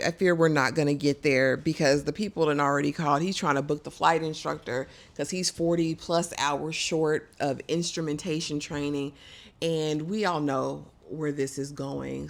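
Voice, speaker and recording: A middle-aged woman, chatting emphatically through a casual TV episode recap. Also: deep voice. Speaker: vlogger.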